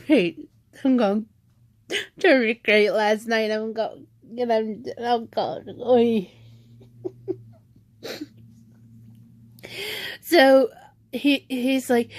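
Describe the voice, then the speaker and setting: A woman's voice: fairly high pitch, drawn-out words, long pauses, dry recording. A woman vlogger ranting at home in a rambling, frustrated way, often restarting her sentences. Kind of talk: venting rant vlog.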